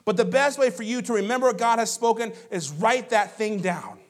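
With a very high-pitched voice and a brisk pace, a man in his thirties preaches as a pastor. He tells stories lively and conversationally, tossing asides to the congregation.

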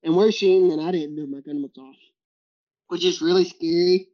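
A man's voice: fairly high pitch, steady tone, moderate pace, warm tone. A man with a drawl tells hunting stories as a podcast guest, laughing often and playing out each quote with gusto. The recording is dull and lo-fi, the top end rolled off. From Texas. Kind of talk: storytelling in a podcast interview. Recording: muffled lo-fi recording.

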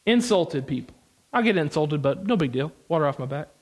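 A young man from the United States preaching a sermon, animated and emphatic, with casual asides and repeated phrases. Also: a little high, a little fast.

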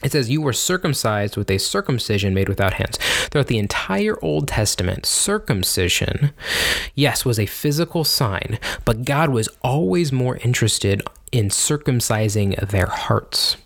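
A man's voice: medium pitch, lively intonation, moderate pace, gravelly, fairly bright tone. A man teaching on baptism in a casual, conversational way, often checking in with "right?" and restarting his sentences. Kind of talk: informal teaching talk.

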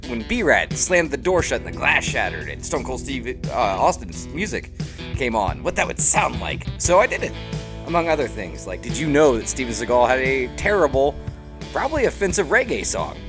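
A man's voice: mid-range voice, big pitch swings, moderate pace, music in the background. A man hosting a podcast, giving a rambling, self-mocking, profane intro in casual talk. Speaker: podcast host.

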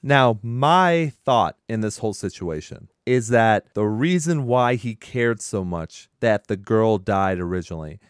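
A man co-hosting a podcast, recapping a film in casual chat, animated, laughing often and swearing freely. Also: on the low side, measured pace, few pauses, clean tone, no room sound, clean studio sound. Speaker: podcast co-host.

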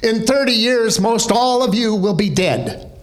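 A man doing an impression of an elderly Southern evangelist with an attempted Southern accent, loud and emphatic. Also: sits high, big pitch swings, unhurried, voice pushed up. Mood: solemn warning.

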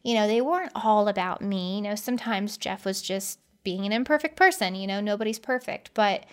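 A woman's voice: medium pitch, a little fast. A woman hosting a podcast, speaking earnestly in a conversational monologue and telling personal stories. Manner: earnest, personal storytelling with frequent "you know". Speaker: podcast host.

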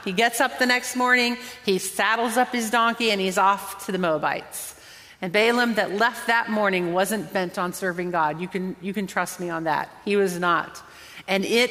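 A woman's voice: mid-range voice, fairly bright tone. Woman preaching in a reverberant hall. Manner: conversational, earnest, often drawing out words for emphasis. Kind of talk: sermon.

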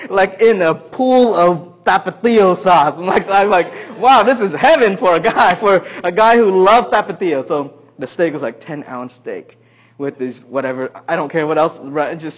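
A middle-aged man, a pastor, preaching a sermon, telling a funny personal story with animated swings between loud punchlines and hushed asides. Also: high-pitched.

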